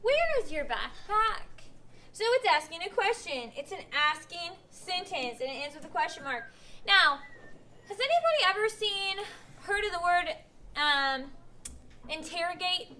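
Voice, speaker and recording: A woman's voice: very high-pitched, animated, normal speed, pushed and bright, a little hiss or hum. A woman teaching young pupils in a classroom, patiently asking questions and acting out example sentences. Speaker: elementary school teacher. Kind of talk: classroom instruction.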